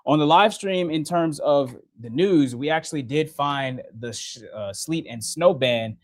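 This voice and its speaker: A man's voice: fairly high pitch, unhurried, no echo. Chatty young weatherman, dry sound. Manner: chatty, laughs often, restarts while working the radar. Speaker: TV meteorologist. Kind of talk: casual live-stream weather update. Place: TV station studio.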